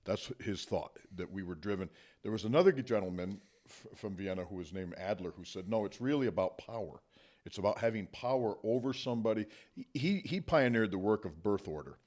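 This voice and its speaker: A man hosting a podcast interview, explaining ideas in a measured way. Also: lowish voice, expressive, a little mellow. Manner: measured, explanatory, gives short listening murmurs. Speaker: podcast host, psychologist. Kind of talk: conversational interview.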